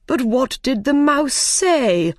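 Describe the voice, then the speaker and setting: Storybook king, stern and commanding, slow and deliberate, read by a woman. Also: sits high, animated, no echo, studio quality, voice pushed up. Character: stern, impatient male king presiding over a trial.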